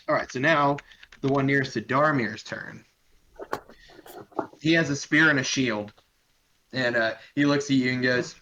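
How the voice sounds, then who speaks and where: A man running a tabletop game as dungeon master, narrating with a relaxed, joking manner. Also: mid-range voice, a little slow, long pauses. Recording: dull lo-fi mic with faint hiss.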